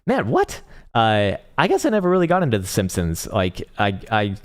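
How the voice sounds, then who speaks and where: His fairly low voice is very animated, brisk, and smooth. A young man running a crypto trading livestream, he chats about charts and replies to chat, cursing, rambling, laughing a lot, and fumbling for words.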